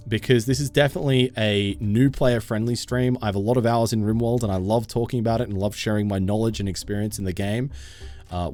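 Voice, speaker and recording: A man's voice: mid-range voice, darkish tone. A man streaming a game live, chatting casually with his viewers and laughing often.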